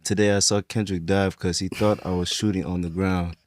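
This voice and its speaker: A man with a very deep voice jokes his way through a mock sales pitch. He speaks casually and playfully to the friends around him. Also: fairly even intonation, fairly quick. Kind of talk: casual chat.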